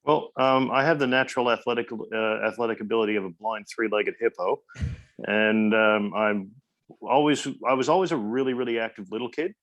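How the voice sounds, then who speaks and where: A man's voice: medium pitch, brisk, a bit bright, dull audio. A man in his forties with a Newfoundland accent, a podcast guest telling stories in a humorous, self-deprecating way. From Newfoundland, Canada. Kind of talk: casual interview storytelling.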